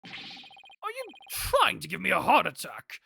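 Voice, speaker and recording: A woman's voice: lowish voice, huge pitch swings, a little slow, vocal fry, bright, forceful tone, slight background noise, full character voice. A woman voicing an older, fussy male judge in a courtroom game, flustered and mildly scolding.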